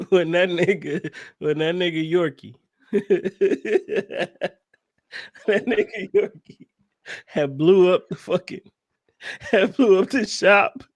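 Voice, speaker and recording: High-voiced man in animated movie chat. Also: dry recording. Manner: animated, profane, laughing often. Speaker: podcast co-host. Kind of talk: casual movie review chat.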